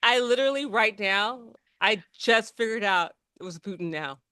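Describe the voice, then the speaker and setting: A woman's voice: mid-range voice, animated, moderate pace, bright, forceful tone, clean tone, no room sound, studio quality. A woman co-hosting a podcast, rambling in casual chat with lots of restarts and fillers. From New Jersey. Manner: rambling, many restarts and fillers, laughs often. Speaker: podcast co-host.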